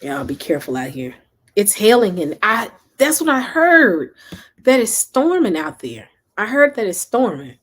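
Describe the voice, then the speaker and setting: A woman's voice: medium pitch, very animated, unhurried. A woman from Memphis with a Southern accent, chatting and rambling casually on a livestream while reading comments. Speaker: livestream host.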